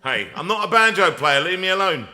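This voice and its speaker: A man's voice: sits high, sing-song, brisk. A man hosting a live stream from a piano room, chatting and telling jokes in a rambling, self-mocking way. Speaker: singer and host of a live stream. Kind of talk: casual chat between songs. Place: music room with a grand piano.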